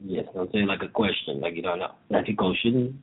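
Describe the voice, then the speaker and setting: A man hosts a talk radio show in a relaxed, rambling way, full of ums and playful jabs. His voice sits low and a bit husky. The sound is narrow and phone-like. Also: fast talker. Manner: loose, filler-heavy, teasing. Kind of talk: casual radio chat. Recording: tinny phone-line audio.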